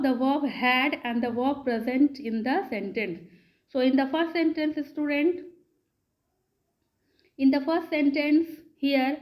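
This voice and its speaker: A woman teaching a grammar lesson, who talks slowly, repeats words and keeps asking her students questions. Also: high-pitched, a little mellow, poor audio. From India. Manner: slow, repeats words and asks the class questions. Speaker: English teacher.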